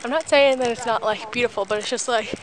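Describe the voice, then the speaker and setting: A young woman with a fairly high voice chats into her camera outdoors, frank and easygoing, filling her talk with "like". She sounds a little breathless after a climb, and the audio is noisy with clear background noise. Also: steady tone, fast. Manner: chatty, frank, laughs often, lots of "like". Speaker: travel vlogger. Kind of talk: casual travel vlog. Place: outdoors in a national park.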